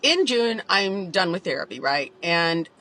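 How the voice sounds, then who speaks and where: A woman's voice: fairly low pitch, animated, a little slow, pushed and bright, rough recording. A woman telling her own story in a candid vlog, emotional and confessional, with lots of "like".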